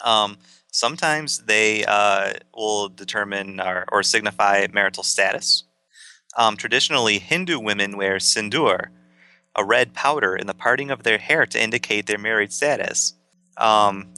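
A man with a very bright, smooth and clear voice, reading facts aloud on a casual podcast. He is relaxed and hesitant, filling gaps with ums and uhs as he goes. His pitch sits a little low for a man. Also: normal speed. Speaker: podcast co-host.

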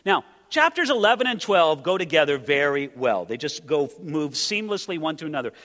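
A male pastor preaching from the pulpit, his voice sitting high and swinging widely in pitch. He talks emphatically and keeps asking the congregation rhetorical questions. The sound rings with the long reverb of a large sanctuary. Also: pushed and bright. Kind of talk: expository sermon.

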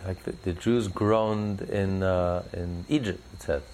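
A man teaching religious ideas in an interview, preacherly, rising sharply in pitch for emphasis and telling stories with acted voices. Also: steady tone, takes it slowly, a little mellow, low-quality recording.

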